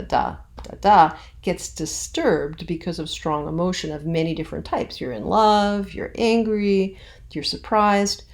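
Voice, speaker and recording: A woman teaching her acting students in an informal, chatty recorded lesson, tapping out rhythms aloud as she explains. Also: on the low side. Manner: relaxed, chatty, with frequent restarts and rhythmic demonstration.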